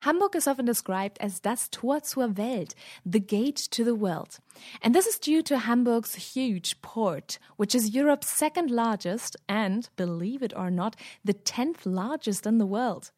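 A woman's voice: a little high, expressive, measured pace, a little mellow, no echo, clean studio sound. A woman, the show's cultural correspondent, reading a cheerful scripted travel segment in a language lesson.

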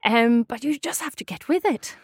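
A woman with a Swedish accent, a Swedish teacher modeling phrases clearly in a friendly language lesson dialogue. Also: a little high, lively intonation, moderate pace, no room sound, studio quality. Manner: clear, careful modeling of phrases with sing-song intonation.

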